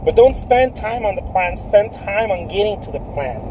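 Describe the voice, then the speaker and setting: High-voiced man giving emphatic advice. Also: animated, normal speed, noisy background. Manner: emphatic, repeats phrases, calls listener dude. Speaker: painter giving career advice. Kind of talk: casual livestream talk.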